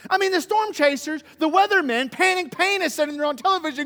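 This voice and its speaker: Man, pastor, very high voice, animated sermon, long hall echo. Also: quick pace. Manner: animated, swings from loud emphasis to hushed.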